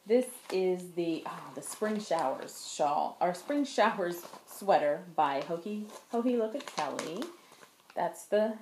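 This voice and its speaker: A woman with a lowish voice chats casually to the camera as the host of a knitting show. She meanders and restarts her sentences while holding up her work. The room around her sounds roomy and echoey. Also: expressive, takes it slowly, darkish tone, a little hiss or hum. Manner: chatty, meandering, self-correcting while showing work to camera. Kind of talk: casual show-and-tell chat. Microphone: camera in front of her. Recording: roomy echo.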